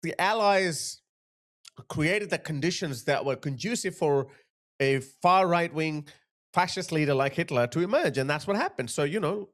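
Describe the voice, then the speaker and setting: A man's voice: on the high side, animated, moderate pace, a bit bright. Mocking man with a raised voice. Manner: mocking, puts on voices of others. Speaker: commentary host. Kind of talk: reaction commentary.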